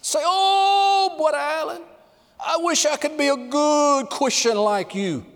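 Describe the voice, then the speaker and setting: A man voicing an elderly preacher who speaks in slow, halting, drawn-out words. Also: a bit bright, in a large hall, exaggerated voice. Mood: earnest. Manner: drawn-out, strained, high-pitched words.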